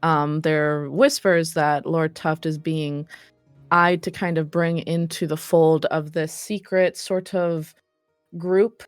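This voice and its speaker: A woman's voice: low-pitched, flat delivery, takes it slowly, clean tone, no room sound, faint music behind. A woman running a tabletop role-play game, recapping the last session casually with many ums and self-corrections. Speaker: game master.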